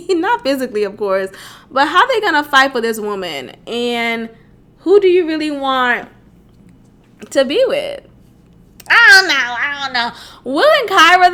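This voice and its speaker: A young woman hosting her own podcast, talking in a high voice with a bright, sharp edge. She gives blunt, animated opinions in casual chat, breaking into laughing asides. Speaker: podcast host. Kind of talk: casual reality-show commentary.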